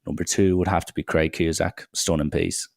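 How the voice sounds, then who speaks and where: A man's voice: low-pitched, level tone, moderate pace, creaky, darkish tone, no echo, clean studio sound. A young man hosting a solo podcast, rambling through irreverent banter with plenty of swearing. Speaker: podcast host.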